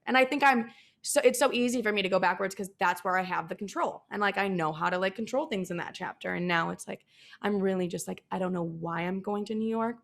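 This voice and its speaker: A woman's voice: mid-range voice, gravelly, a bit bright. A woman in casual podcast conversation, chatty, acting out her own past thoughts as little quotes.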